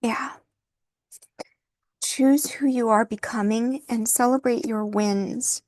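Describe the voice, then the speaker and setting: A woman giving an intuitive tarot reading, soft-spoken and emotional, thinking aloud as she turns the cards. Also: a little high, steady tone, slow, dry recording. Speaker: tarot reader.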